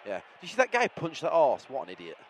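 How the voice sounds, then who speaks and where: A man joking excitedly as co-host of a football podcast recorded at a stadium. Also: on the high side, quick pace, a little hiss or hum, poor audio. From Bradford, England. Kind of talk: casual football podcast chat. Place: outdoor football stadium press area.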